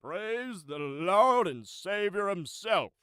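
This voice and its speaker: A man voicing a bombastic male preacher who draws out his words in a loud revival-style delivery. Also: high-pitched, expressive, takes it slowly, clean tone, no room sound, studio quality, pitched above the performer's own voice, heavily acted. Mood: rapturous.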